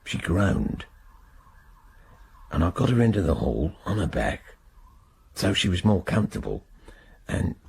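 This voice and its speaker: An actor playing a British older man freed after many years in prison, telling his story in a halting, bitter way with a husky voice in a radio drama. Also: low-pitched, sing-song, a little mellow, full character voice. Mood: haunted. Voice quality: gravelly, husky.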